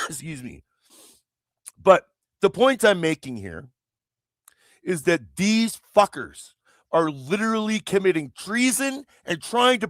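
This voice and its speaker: A man's voice: high voice, a bit bright, dry recording, clean studio sound. A man from Canada hosting a political livestream, ranting angrily with heavy swearing and rambling restarts. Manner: angry, profane, rambling. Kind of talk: heated political rant.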